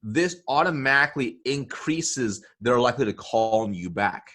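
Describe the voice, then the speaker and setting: A man's voice: mid-range voice, expressive, moderate pace, fairly bright tone. A man explaining a sales technique in an interview, checking in often with "okay?" and "right?". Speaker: sales coach guest.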